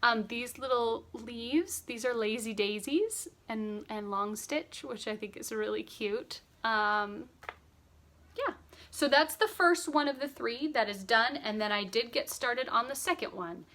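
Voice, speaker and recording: At home, a woman in her thirties chats about her cross stitch projects, upbeat yet sleepy and yawning, with lots of fillers. Her voice is a little high, expressive and a bit bright, at a measured pace.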